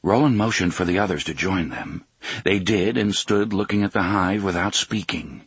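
Male narrator, very deep voice, husky, dry close studio sound, steady reading. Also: normal speed, no room sound. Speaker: audiobook narrator. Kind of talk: scripted narration.

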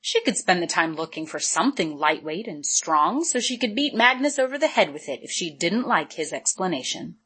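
Woman audiobook narrator, low-ish husky voice, even measured read.

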